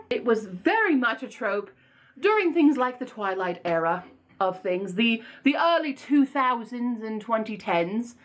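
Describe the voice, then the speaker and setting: A young woman talks casually to her camera about books, animated and rambling, poking fun at herself as she goes. Her voice sits slightly high. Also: measured pace. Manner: animated, rambling, self-mocking. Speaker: book vlogger.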